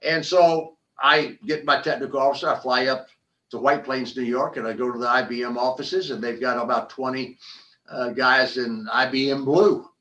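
An older man, a former athlete turned business founder, telling animated stories in an interview with frequent restarts and repeated words. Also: medium pitch, moderate pace, recorded from a distance, poor audio. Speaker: podcast guest, former football player and business founder. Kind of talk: conversational interview storytelling.

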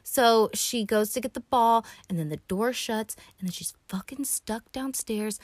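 A woman's voice: fairly high pitch, unhurried, a little mellow, no room sound. A young woman hosting a podcast, recapping a movie in casual, rambling chat full of "like", "um" and swearing. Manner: rambling, profane, lots of "like" and "um". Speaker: podcast host.

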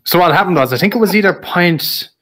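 A man's voice: sits high, lively intonation, quick pace, a bit bright. A man who makes videos, in casual chat, thinking aloud and unsure of details. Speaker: content creator.

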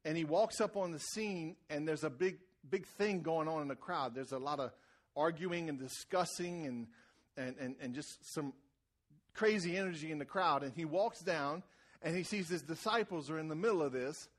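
A high-voiced man preaching a sermon to a congregation. He talks in an easy, conversational way and repeats words as he starts phrases. He climbs to loud, shouted emphasis. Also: normal speed. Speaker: pastor.

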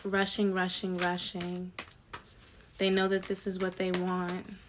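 A woman gives a tarot reading in a low, fairly flat voice. She talks to her viewers in a chatty, slangy way and breaks into excited asides. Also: slow, noisy background. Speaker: tarot reader.

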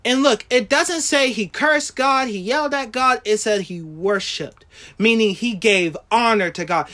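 Woman preacher, high bright voice, unhurried delivery, fervent sermon with loud peaks and soft lows. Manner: impassioned preaching, swinging from loud declarations to hushed lows; reads scripture aloud in King James wording.

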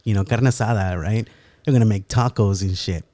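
A man casually telling a story, animated and profane, with lots of fillers. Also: fairly low pitch, fairly quick, dry recording. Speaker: storyteller guest. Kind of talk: casual chat, anecdote.

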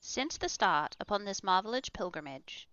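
A woman reads a classic adventure novel aloud in steady first-person storytelling. Her voice is smooth and even. The recording is dry and slightly muffled. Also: medium pitch, normal speed, dry recording. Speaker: audiobook reader.

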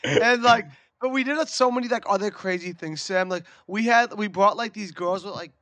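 High-voiced man telling a wild story. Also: moderate pace, no room sound. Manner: animated, profane storytelling. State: recovering from a lost voice. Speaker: podcast co-host. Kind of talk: casual chat.

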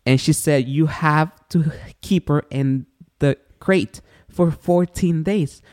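A man co-hosting a podcast in casual chat, an animated storyteller who acts out the voices of people in his stories. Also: fairly high pitch, takes it slowly. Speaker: podcast co-host.

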